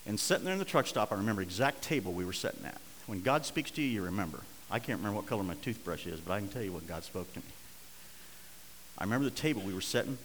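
A middle-aged man preaching a sermon, telling a story and swinging between hushed and loud, urgent passages. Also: on the low side, expressive, very fast, long reverb tail, slight background noise, rough recording. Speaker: pastor.

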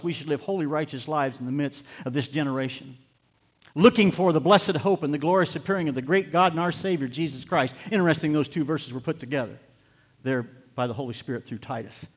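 Pastor guy preaching hard, goes loud then real quiet reading verses, kinda high voice, echoey church hall. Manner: fervent preaching, swinging from loud bursts to hushed scripture reading; laughs between lines. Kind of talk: sermon. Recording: long hall reverb.

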